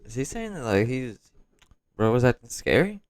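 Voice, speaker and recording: A man's voice: medium pitch, very animated, normal speed, slight background noise. A man hosting a reaction video, commenting casually in street slang. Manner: casual, street slang, asks questions aloud.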